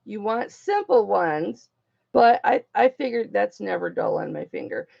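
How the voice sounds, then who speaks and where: Slow, gravelly-voiced woman hosting a livestream. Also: medium pitch, big pitch swings, lo-fi sound. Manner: affectionate, emotional, rambling, addresses viewers as honey and baby. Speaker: jewelry auction livestream host. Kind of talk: casual livestream chat.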